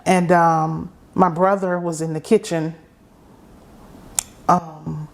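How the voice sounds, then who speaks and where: Role: guest. Sex: woman. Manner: halting, unhurried. Pitch: lowish. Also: level tone, vocal fry. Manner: halting, unhurried storytelling with pauses. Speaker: interview guest. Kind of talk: personal testimony in conversation.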